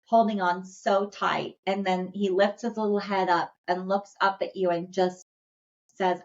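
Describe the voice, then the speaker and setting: A woman who works as an animal communicator and hosts a podcast, soft-spoken and heartfelt, hesitating now and then. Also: mid-range voice, flat delivery, measured pace. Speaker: animal communicator and dog trainer, podcast host. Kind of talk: intuitive reading and podcast wrap-up. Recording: slightly dull lo-fi audio.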